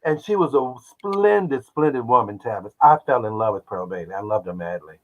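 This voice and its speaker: Man in his seventies, from Oklahoma, interview guest, animated storyteller, dull recording. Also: mid-range voice, a little fast. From Oklahoma, United States. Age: 70s. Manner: animated storyteller who acts out quoted voices. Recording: dull lo-fi audio.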